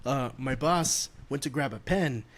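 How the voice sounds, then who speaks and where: A man's voice: mid-range voice, measured pace. Young man rambling through a story. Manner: rambling anecdotes with many fillers. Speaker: podcast guest. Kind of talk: casual storytelling chat.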